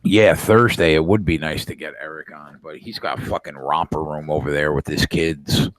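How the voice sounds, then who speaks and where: Deep-voiced laid-back man, dry close sound. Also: fairly even intonation, normal speed, dry recording. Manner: laid-back, profane, lots of filler words. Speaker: podcast co-host. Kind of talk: casual late-night sports betting chat.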